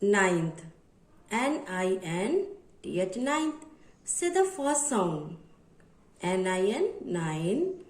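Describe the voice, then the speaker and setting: A woman teaching a phonics lesson to children, slowly spelling words letter by letter and repeating each step as a drill. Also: mid-range voice, very animated, roomy sound, rough recording. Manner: repetitive, instructive drill.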